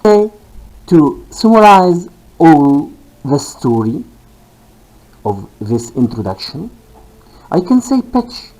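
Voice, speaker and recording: Slow, lively-pitched male teacher. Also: poor audio. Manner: deliberate, repeats key phrases, fillers. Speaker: linguistics teacher. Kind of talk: recorded lecture.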